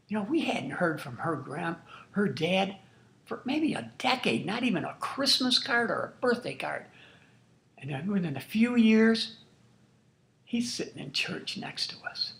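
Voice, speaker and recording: Older man, gravelly voice, folksy earnest storytelling, roomy echo. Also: sits high, animated, unhurried, fairly bright tone. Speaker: grandfather telling a family story. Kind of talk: casual spoken storytelling.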